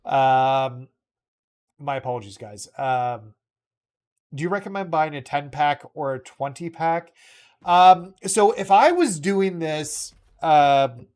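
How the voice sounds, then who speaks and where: This gaming streamer's voice sits on the high side, with a darkish yet clean tone. He chats casually with viewers while live-streaming a video game, rambling earnestly and heartfeltly, full of fillers and self-corrections.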